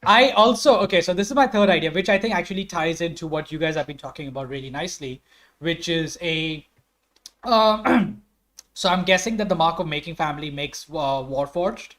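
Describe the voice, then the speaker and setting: A young man with an Indian English accent pitches his character ideas to the table, thinking aloud through a stream of "um"s. His voice sits a little higher than most men's. He sounds keen and open. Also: brisk, fairly bright tone. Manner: thinking aloud, many "um"s, enthusiastic. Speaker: player.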